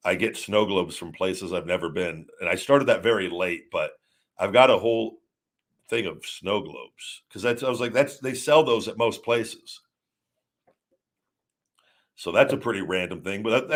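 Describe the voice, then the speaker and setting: Rambling man in his forties, low voice. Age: 40s. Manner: rambling, self-correcting storytelling. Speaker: show host. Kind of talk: casual live-stream chat.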